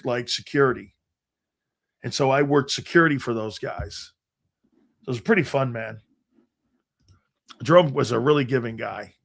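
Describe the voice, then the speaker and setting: A man's voice: medium pitch, creaky. An older man from Connecticut, a sports show host and former player, telling rambling anecdotes in a casual way with lots of restarts and some swearing. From Connecticut, United States. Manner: rambling anecdotes, frequent restarts and fillers, profane.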